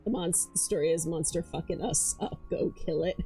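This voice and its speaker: A woman's voice: fairly low pitch, moderate pace, dark tone, soft background music. A woman streaming, chatting casually and rambling, swearing often and tripping over her words, hyper but tired. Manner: rambling, swears a lot, stammers and repeats herself.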